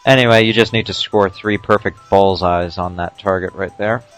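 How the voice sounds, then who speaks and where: Low-voiced man giving dry game commentary. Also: steady tone, fairly bright tone, faint music behind. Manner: explains game tips with dry jokes and "uh" pauses. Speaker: let's play commentator. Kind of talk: casual gameplay commentary.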